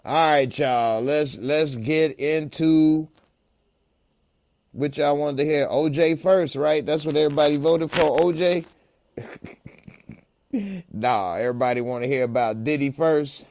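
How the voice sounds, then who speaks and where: A man's voice: fairly high pitch, measured pace, long pauses, a little mellow. A man hosting a casual live-stream, joking around and reading out chat comments in a laid-back way. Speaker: podcast host.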